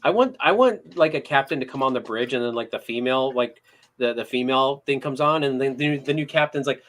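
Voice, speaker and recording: Man, co-host, mid pitch, halting, filler-heavy, casual chat. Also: a bit bright. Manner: halting, full of fillers and restarts. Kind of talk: casual online show chat.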